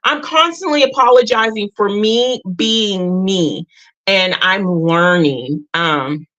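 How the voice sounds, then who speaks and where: A woman's voice: mid-range voice, slow pace, fairly bright tone, highs cut off. A middle-aged woman hosting a casual livestream. She talks straight to her viewers, earnest and emotional. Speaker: livestream host.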